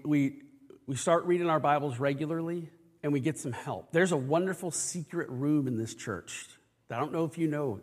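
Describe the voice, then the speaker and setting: Male pastor, mid-pitched, earnest and conversational, sermon recorded with long church reverb. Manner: conversational, earnest, frequent restarts. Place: church sanctuary.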